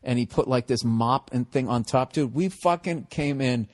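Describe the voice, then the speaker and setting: A man's voice: medium pitch, moderate pace, a little mellow, dry recording. Man telling profane rambling stories. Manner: profane, rambling, laughs through his own stories. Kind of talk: casual storytelling chat.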